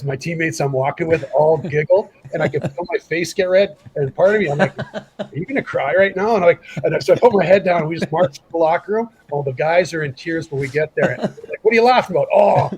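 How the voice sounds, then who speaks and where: Man, lively anecdote teller. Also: a little high, fast talker, hardly any pauses, husky, poor audio. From Canada. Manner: animated storyteller who acts out quoted lines. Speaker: guest, former hockey player. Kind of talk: casual storytelling interview.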